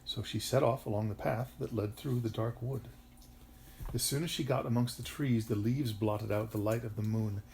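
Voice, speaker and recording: Gravelly man reading a bedtime story. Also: on the low side, normal speed, slight background noise. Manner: expressive, animated storytelling. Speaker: father reading to his daughter.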